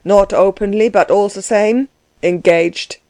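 A woman's voice: mid-range voice, unhurried, no echo, lightly acted. A woman reading the part of a blustering, domineering middle-aged German man who mocks and orders others about. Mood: mocking. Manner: loud, bossy, laughing scorn.

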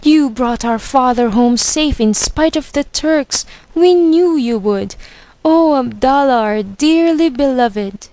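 Woman putting on eager high-voiced children. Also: animated, takes it slowly, dark tone, no echo, full character voice. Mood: joyful. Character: excited young children greeting their horse.

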